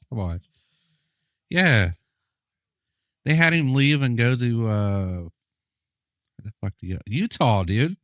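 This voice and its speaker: A man's voice: medium pitch, animated, measured pace, pauses often, dry recording, clean studio sound. A young man chatting casually while playing a football video game, laid-back, profane and often laughing. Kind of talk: casual gameplay chat.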